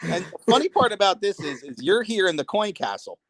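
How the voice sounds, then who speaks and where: A man telling animated stories in a casual podcast conversation. He laughs often and acts out the voices of the people he quotes. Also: sits high, a little fast, breathy edge, dry recording. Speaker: guest, prank video maker and wrestling promoter.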